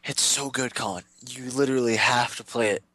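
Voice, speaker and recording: A man's voice: medium pitch, steady tone, a little fast, pushed and bright, dry recording. A man co-hosting a casual gaming podcast, hesitant and full of questions and fillers. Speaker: podcast co-host.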